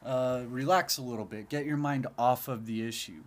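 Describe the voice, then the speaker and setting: A man talks through a solo podcast in a loose, rambling way. He sounds sleepy and yawns between thoughts, and he swears freely as he chats. His pitch sits in a typical middle range for a man. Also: moderate pace. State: sleepy, yawning. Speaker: podcast host. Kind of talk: casual solo podcast monologue.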